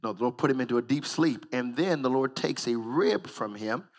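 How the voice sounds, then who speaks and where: A middle-aged man preaching a sermon as pastor, building from calm storytelling into loud, shouted praise. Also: medium pitch, normal speed, long reverb tail.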